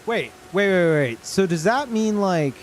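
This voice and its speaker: A man's voice: high-pitched, lively intonation, a little slow, slight background noise. A man streaming a game live, reacting in disbelief, swearing often and laughing a lot. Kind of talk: live gameplay commentary.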